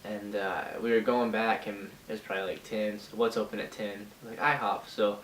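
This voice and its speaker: A man's voice: fairly low pitch, level tone, moderate pace, a bit bright. A man in his twenties telling a casual storytime in a laid-back, teasing way, full of fillers like "you know" and "uh". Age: 20s. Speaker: vlogger. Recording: roomy sound, distant mic, faint hiss.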